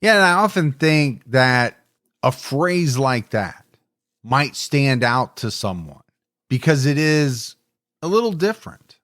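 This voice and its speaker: A man narrating a true crime podcast in a measured, reflective way. His voice sits in an ordinary middle pitch. The recording is dry and close, with no room sound. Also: sing-song, a bit bright, no room sound. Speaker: podcast co-host.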